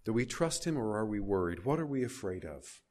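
Man, preacher, fairly low voice, sermon, scripture readings with emphasis. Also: very animated, brisk, a little mellow. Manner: reads scripture aloud with rising emphasis, asks the congregation questions.

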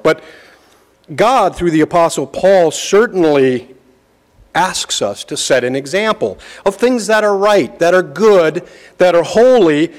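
A middle-aged man giving a sermon, telling a folksy personal story with slow, emphatic phrasing. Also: on the high side, a little mellow. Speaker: preacher.

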